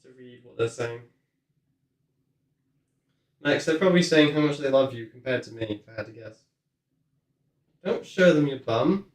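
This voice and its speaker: A man's voice: medium pitch, expressive, normal speed, long pauses, roomy sound. A man streaming a game in casual chat, playful and chatty, cooing to his cat at home.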